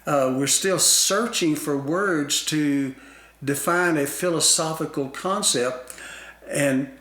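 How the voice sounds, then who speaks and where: Slow, deliberate man in echoey room. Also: fairly high pitch, a bit bright. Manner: deliberate, many fillers and restarts. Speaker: guest expert on self-concept. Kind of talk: slow explanatory talk-show conversation.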